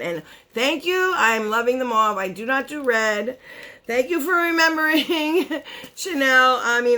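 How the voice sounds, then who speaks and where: Bubbly, lively woman beauty vlogger. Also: on the high side. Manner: chatty and excitable, gasps and laughs, trails off into asides. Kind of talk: casual unboxing vlog.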